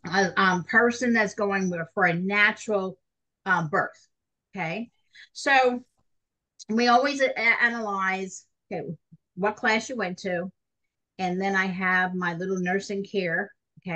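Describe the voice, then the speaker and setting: A middle-aged woman teaching a nursing class in a chatty, animated way, talking straight to her students. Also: medium pitch, poor audio. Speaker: nursing instructor. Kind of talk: recorded classroom lecture.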